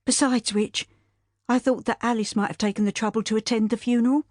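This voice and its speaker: A woman's voice: fairly high pitch, steady tone, fairly quick, a little mellow, no room sound, studio quality, pitched above the performer's own voice, lightly acted. A woman voicing a grieving, bitter widow. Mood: sorrowful. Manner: tearful, weary, bitter. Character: grieving widow, middle-aged, proud and sharp.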